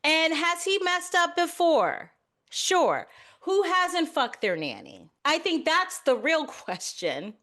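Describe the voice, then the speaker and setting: A woman's voice: very high-pitched, sing-song, slow, pushed and bright. A woman co-hosting a casual podcast debate, talking in a bold, frank, joking way. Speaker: co-host.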